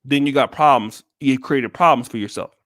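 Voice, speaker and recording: A man's voice: medium pitch, normal speed, fairly bright tone, no room sound, clean studio sound. An American man giving blunt, profane commentary on a live stream, with many restarts. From United States. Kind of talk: casual livestream commentary.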